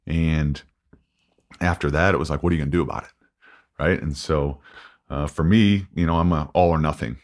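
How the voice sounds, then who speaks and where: A man in his forties, a podcast guest, talking candidly and haltingly with many restarts and fillers. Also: rumbling low, steady tone. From United States. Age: 40s. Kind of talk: candid interview.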